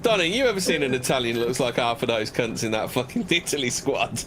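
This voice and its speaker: A man's voice: medium pitch, animated, quick pace, a bit bright, slight background noise. A man on a stream call, swearing freely, mocking others and laughing often in crude banter.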